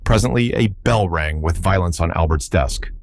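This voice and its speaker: Deep-voiced male audiobook narrator. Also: normal speed, vocal fry. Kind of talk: scripted narration.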